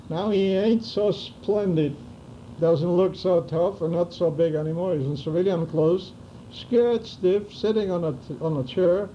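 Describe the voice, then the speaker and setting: A man's voice: high voice, warm tone, dull audio, a little hiss or hum. An older man in an oral history interview, telling his memories vividly and acting out the dialogue. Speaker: interviewee recounting wartime memories.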